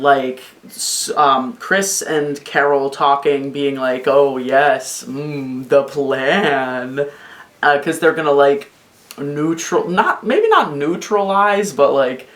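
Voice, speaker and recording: Excitable rambling woman in an echoey room. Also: low voice. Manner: excitable, rambling, swears a lot. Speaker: video host. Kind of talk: casual game theory rant.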